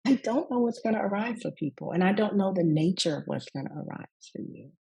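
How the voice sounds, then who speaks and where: A woman from the American Deep South, telling a personal story as a guest in a conversational, laughing way. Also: animated, a little fast, gravelly, breathy edge, poor audio. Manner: warm storytelling with frequent laughs and asides. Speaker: guest speaker, rest coach.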